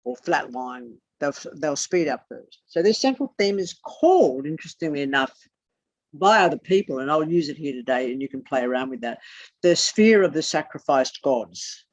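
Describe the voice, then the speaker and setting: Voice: medium pitch, animated, moderate pace, no echo. Swearing, rambling tarot teacher, dull recording. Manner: swears casually and drifts into muttered asides. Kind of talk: rambling esoteric lecture.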